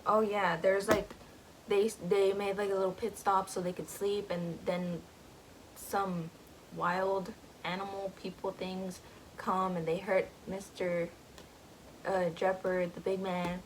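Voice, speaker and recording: Taking it slowly, a young woman who vlogs about books gives a loose, rambling recap full of "like"s and little giggles. Her mid-pitched voice has little pitch movement, and the poor audio carries faint noise behind her.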